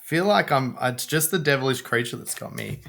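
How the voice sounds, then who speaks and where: A man's voice: mid-range voice, lively intonation, a little fast, gravelly, a bit bright. A man on a podcast trying to solve a puzzle, joking and musing aloud with long hums. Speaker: podcast co-host and contestant. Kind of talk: casual podcast chat.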